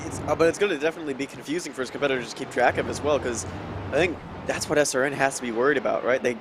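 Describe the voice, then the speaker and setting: Man, racing co-commentator, very fast talker, conversational analysis, faint noise. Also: mid-range voice. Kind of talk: live esports racing commentary.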